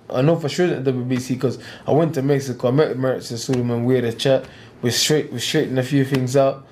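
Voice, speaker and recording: A man's voice: medium pitch, steady tone, a little fast, darkish tone, a little hiss or hum. A man, a boxer talking bluntly and getting heated in an interview, repeating himself. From England. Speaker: professional boxer.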